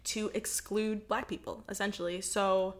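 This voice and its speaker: A woman's voice: mid-range voice, steady tone, a little slow. A young American woman in casual podcast conversation, thoughtful and chatty, with frequent "like" fillers and easy laughter. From United States.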